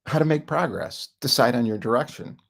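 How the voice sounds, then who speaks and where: A middle-aged man talks through his thoughts in a loose, rambling way and chuckles often between remarks. His voice is gravelly, with a husky edge. He sits at an ordinary middle pitch. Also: lively intonation, fairly quick. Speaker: self-help speaker. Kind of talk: casual rambling talk.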